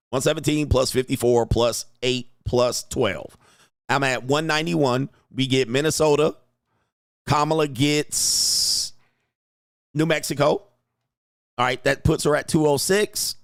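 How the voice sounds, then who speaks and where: A young man hosts a casual live stream, thinking out loud with a quick, excitable delivery. His voice sits at a middle pitch and sounds dry and close, with little room sound around it. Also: no echo. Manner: thinks aloud, excitable, laughs often. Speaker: livestream host.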